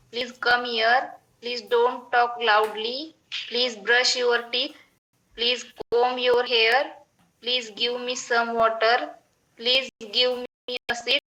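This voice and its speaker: Slow, bright-voiced woman reading aloud. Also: on the high side, dull audio. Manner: slow, careful reading with self-corrections. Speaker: adult English learner. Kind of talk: reading English sentences aloud in class.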